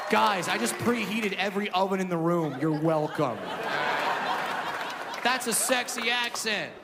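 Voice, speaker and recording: High-voiced male stand-up, loud storyteller, echoey live room with crowd noise. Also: measured pace. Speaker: stand-up comedian. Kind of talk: stand-up comedy. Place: live comedy venue.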